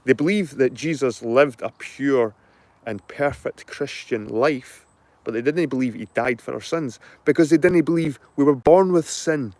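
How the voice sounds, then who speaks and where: A middle-aged Scottish man, the channel host, chats casually with his viewers, rambling, repeating himself, and swearing freely. His mid-range voice is unhurried and a little mellow, with no echo.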